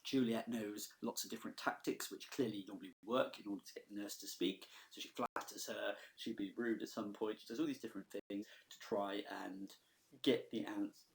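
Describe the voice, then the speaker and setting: A man's voice: on the low side, steady tone, a little fast. A male teacher giving a recorded lesson in a conversational, explanatory way, often checking in with his students. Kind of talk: recorded classroom lesson over slides.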